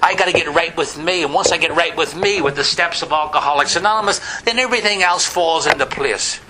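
A man's voice: on the high side, a little fast, a crowd in the background, rough recording. A middle-aged man with a Northern Irish accent, giving a wry personal testimony at a recovery meeting, with many "you know" fillers. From Northern Ireland.

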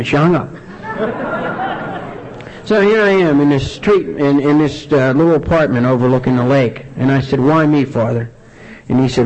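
A man speaking earnestly at a recovery meeting, sharing a personal testimony with many halting restarts. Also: on the high side, darkish tone. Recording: dull lo-fi recording.

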